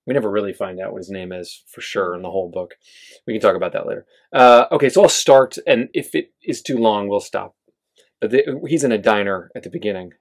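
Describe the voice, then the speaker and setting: A man's voice: fairly low pitch, vocal fry. A man, the author, reading his novel aloud at a bookstore event, with casual asides to the audience. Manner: steady reading with filler-heavy asides.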